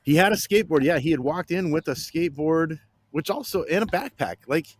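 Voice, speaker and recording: A man, a guest on a podcast, telling a story in an animated, excitable way with lots of restarts. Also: a little high, a little fast. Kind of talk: casual chat, animated storytelling.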